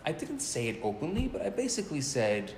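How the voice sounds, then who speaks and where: A man teaches and tells a story to a small group in a relaxed, casual way, often repeating his opening words. His pitch moves a lot, and the room adds a clear echo with a faint hum of background noise behind him. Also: brisk. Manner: animated, repeats words when starting sentences.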